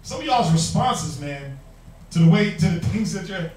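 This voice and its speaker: A man's voice: high-pitched, animated, normal speed, a little mellow. A man teaching a Bible class, preaching emphatically with rhetorical questions and mocking quotes. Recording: echoey room, mic far off.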